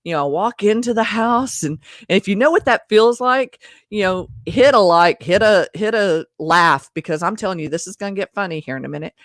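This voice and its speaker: A woman's voice: medium pitch, lively intonation, a little fast, few pauses, a bit bright, dry recording, studio quality. A woman vlogger telling a personal story in a chatty, self-deprecating way, speaking straight to her viewers. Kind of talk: casual storytelling to camera.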